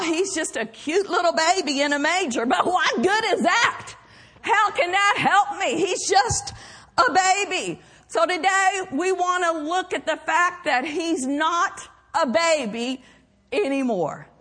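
A woman's voice: high voice, a bit bright. An older woman preaching a sermon, telling family anecdotes in an earnest way, often laughing.

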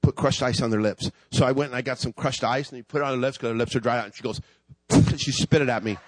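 A man in his forties preaching a sermon, telling a funny personal story with lively, high-pitched quoted voices. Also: quick pace, no echo.

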